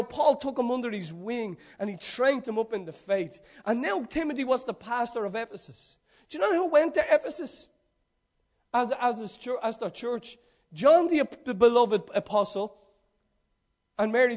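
Man, preacher, very high voice, fervent rhetorical sermon. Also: animated, moderate pace. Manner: fervent, rhetorical, builds to shouts.

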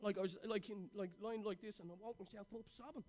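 High-voiced impassioned male preacher. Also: steady tone, fast. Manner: impassioned, storytelling, swings between loud and hushed. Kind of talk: sermon.

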